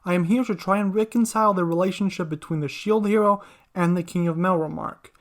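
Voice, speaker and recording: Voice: medium pitch, brisk, lightly acted. Narrator as a formal young princess. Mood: earnest. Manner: formal speech.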